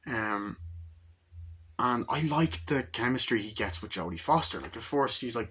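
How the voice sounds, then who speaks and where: A man's voice: mid-range voice, animated, moderate pace, sharp tone, breathy edge. A young man giving a casual movie review, rambling and acting out lines from the film in raised voices.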